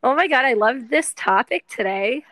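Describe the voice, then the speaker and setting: A young woman co-hosting a casual chat, animated and chatty, swearing freely while she does chores. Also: high voice, normal speed, no room sound, rough recording. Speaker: podcast co-host.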